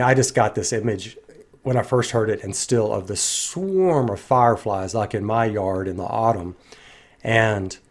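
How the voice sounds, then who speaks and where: Earnest man musing on song lyrics. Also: lowish voice. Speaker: music commentator. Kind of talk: reflective song commentary.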